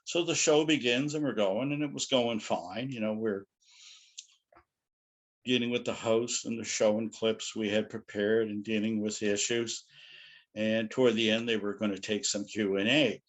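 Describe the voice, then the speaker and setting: A man's voice: on the low side, fairly even intonation, normal speed. A middle-aged man telling anecdotes as a guest speaker in a loose, rambling way. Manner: rambling, anecdotal, frequent "you know". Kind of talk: casual storytelling lecture.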